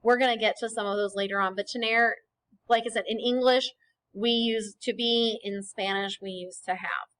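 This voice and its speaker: A woman teaching Spanish in a recorded lecture over slides, explaining patiently and often checking in with a quick "okay?". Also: fairly high pitch, fairly even intonation, a bit bright, poor audio.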